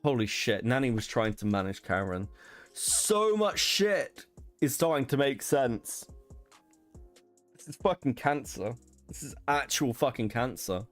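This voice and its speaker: A man hosting a stream, reading out private messages and reacting with profane disbelief. His pitch jumps around a lot from line to line. Soft music plays quietly behind him. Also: sing-song, unhurried. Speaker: streamer host. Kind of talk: livestream commentary reading messages aloud.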